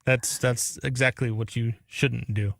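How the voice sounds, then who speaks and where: A man co-hosting a sports radio show, giving animated, emphatic opinions in casual banter. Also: mid-range voice, a little slow, vocal fry, no echo, studio quality.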